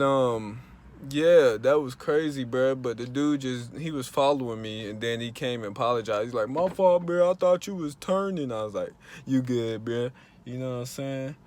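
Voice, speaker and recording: A man's voice: medium pitch, a little hiss or hum. Laid-back young man vlogging. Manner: slangy, laid-back, animated storytelling. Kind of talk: casual vlog chat.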